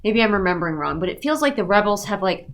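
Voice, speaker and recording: A woman's voice: mid-range voice, expressive, quick pace. A congested woman giving a sarcastic recap of a novel, mocking the characters in put-on voices. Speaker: book reviewer. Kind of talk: sarcastic book recap commentary.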